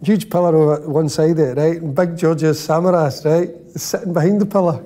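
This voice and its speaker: A man with a warm, slightly dark voice spins a dressing-room yarn. He talks in a lively way and keeps checking in with his listeners. His voice sits a touch above the usual pitch. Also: brisk. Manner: lively, peppers lines with "right?". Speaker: former footballer. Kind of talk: storytelling anecdote.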